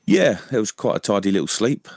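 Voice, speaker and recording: Bloke on a radio chat, really low voice, dry studio sound, keeps going "you know what i mean". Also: male voice, sing-song, a little fast, vocal fry, darkish tone, breathy edge, no room sound. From London. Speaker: guest, army veteran. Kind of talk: casual interview chat.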